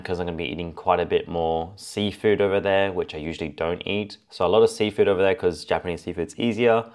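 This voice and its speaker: A man hosting a solo fitness podcast, talking casually and laying out his tips point by point. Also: sits low. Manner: chatty, lists points as A and B. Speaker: fitness coach podcast host.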